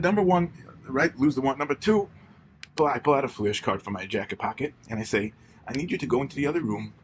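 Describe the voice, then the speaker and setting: A man's voice: mid-range voice, slight background noise. A man doing a comic monologue as a rabbi giving marriage advice, rambling and stammering. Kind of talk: comedic monologue in character.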